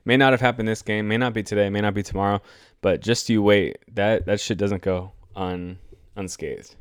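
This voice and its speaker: Casting: young male podcast host, smooth low voice, crude exasperated football rant, dry close sound. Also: steady tone, normal speed, no room sound. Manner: profane, exasperated, rambling. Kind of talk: solo sports rant podcast.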